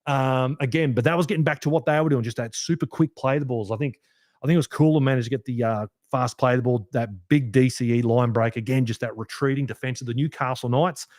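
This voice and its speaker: A man hosts a podcast, breaking down a match in loose, rambling fan talk full of swearing. His pitch sits at an ordinary middle level for a man. The recording is dry and close, with no room sound around him. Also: steady tone, quick pace, a little mellow, dry recording. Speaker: podcast host. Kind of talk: solo sports review podcast.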